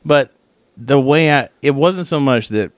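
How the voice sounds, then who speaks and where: A man's voice: medium pitch, unhurried, no room sound. A man co-hosting a comedy podcast, telling a story in casual chat, swearing and laughing often as he goes. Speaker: podcast co-host.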